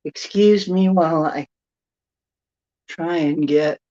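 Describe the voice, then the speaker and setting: A woman hosts a live stream from a room at home in a slow, unhurried drawl, with a somewhat low voice. She rambles chattily and greets her viewers by name. The stream audio is dull and lo-fi. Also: warm tone. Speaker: livestream host. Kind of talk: casual live-stream chat.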